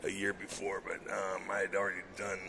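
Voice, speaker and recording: A middle-aged man, a veteran fighter, talking in a laid-back, halting way with lots of fillers. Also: low-pitched, monotone, noisy background. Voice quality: gravelly. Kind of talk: casual chat.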